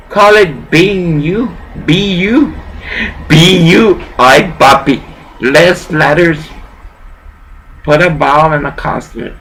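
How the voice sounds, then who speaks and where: A woman's voice: deep voice, slow, a bit bright, slight background noise, poor audio. An older woman delivering a rambling, profane vlog rant, dropping in Spanish words here and there.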